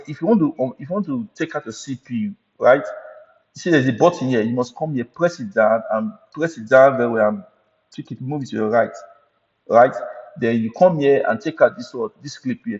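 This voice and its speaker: A man's voice: mid-range voice, a little mellow. Man, IT instructor, repetitive lecture, frequent check-ins, muffled sound, long reverb. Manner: repetitive, checks in with "right?" and "you understand?". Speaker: IT certification instructor. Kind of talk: recorded training lecture.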